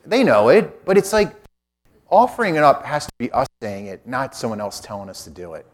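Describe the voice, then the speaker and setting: A man's voice: medium pitch, expressive, fairly quick. A middle-aged man, a Catholic priest, preaching a conversational sermon and acting out quotes in different voices.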